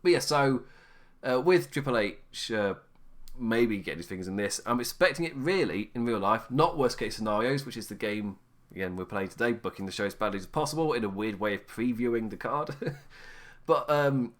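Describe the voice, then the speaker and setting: A man's voice: medium pitch, lively intonation, moderate pace. Tired, chuckling man. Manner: rambling, laughs often, self-correcting. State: tired, low energy. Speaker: podcast host. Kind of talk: casual solo wrestling chat.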